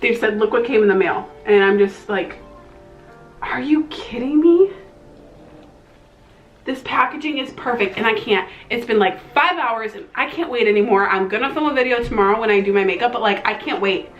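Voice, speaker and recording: A young woman with a twang, gushing excitedly as she reviews a makeup palette in a casual vlog. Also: medium pitch, brisk, hardly any pauses, reverberant, dull audio, faint music behind. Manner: gushing, excitable, slangy, with breathy exclamations. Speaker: beauty vlogger.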